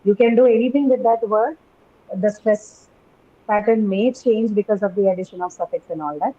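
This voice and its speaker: A woman's voice: mid-range voice, moderate pace, narrow, tinny audio. A woman teaching English pronunciation in a class, explaining patiently and often checking in with "right?". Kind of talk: classroom lecture on word stress.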